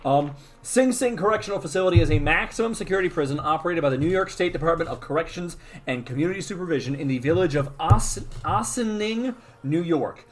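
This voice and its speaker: A man with a slightly higher voice co-hosts a podcast. He is chatty and leads the discussion, moving it along. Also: animated, fast talker. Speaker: podcast co-host. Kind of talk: casual chat.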